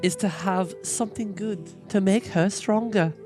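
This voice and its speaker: A man squeaking out naive little Red Cap. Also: unhurried, darkish tone, soft background music. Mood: innocent. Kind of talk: comedic read-aloud of a fairy tale.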